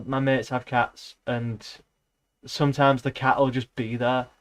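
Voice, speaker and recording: Sweary man reading aloud. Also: medium pitch. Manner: sarcastic, sweary rambling asides. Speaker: streamer reading a novel aloud. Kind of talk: casual reading aloud with commentary.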